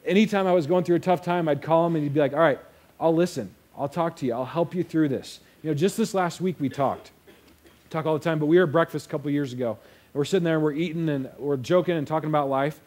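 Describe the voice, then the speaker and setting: A man's voice: on the high side, fast talker, a little mellow. A young man preaching a sermon in a casual storytelling way, acting out the quotes. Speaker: pastor.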